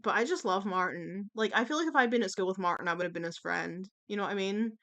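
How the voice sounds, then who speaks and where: A woman's voice: mid-range voice, fast talker, a bit bright. A woman talking casually in a tier-list video, chatty and opinionated, with plenty of fillers and the odd swear word. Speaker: YouTube commentator.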